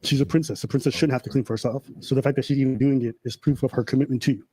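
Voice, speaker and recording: A man's voice: medium pitch, steady tone, racing, warm tone, husky. A man joining a live stream as a guest, joking in a mock-serious, sarcastic way.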